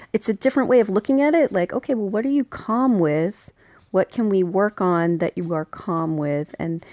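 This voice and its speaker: A woman with a mid-range, slightly mellow voice hosts a podcast on dog grooming and training, recorded dry with clean studio sound. Her casual instructional talk is friendly and chatty, she laughs often, and she voices what dogs are thinking.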